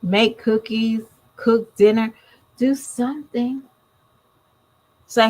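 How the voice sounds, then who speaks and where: A woman's voice: on the high side, steady tone, slow pace, low-quality recording. A woman, giving blunt, scolding commentary straight to her viewers in a casual vlog. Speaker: commentary vlogger.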